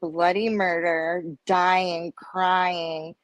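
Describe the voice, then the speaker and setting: A woman's voice: lowish voice, drawn-out words, no room sound. A middle-aged woman telling a personal story on a panel chat, acting out the voices of people in it. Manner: animated storyteller acting out dialogue. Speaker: guest.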